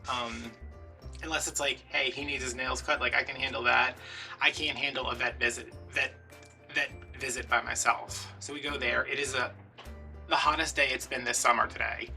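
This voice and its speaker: A man casually telling a story while crafting at home, animated and chatty, acting out the other people in it. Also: mid-range voice, normal speed, gravelly, distant mic, soft background music. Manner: chatty, animated retelling with quoted dialogue. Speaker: vlogger.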